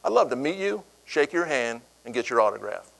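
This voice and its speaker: A middle-aged man speaking at an event and telling a personal story. His voice sits in an ordinary middle register. He acts out the quoted voices with sudden jumps in pitch. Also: big pitch swings, brisk, vocal fry, a bit bright, poor audio. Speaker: keynote speaker. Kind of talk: storytelling speech.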